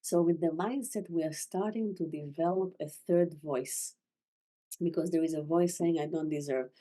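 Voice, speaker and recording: A woman teaching a masterclass, speaking gently with halting, non-native phrasing and frequent restarts. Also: on the low side, steady tone. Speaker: spiritual teacher. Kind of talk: masterclass talk.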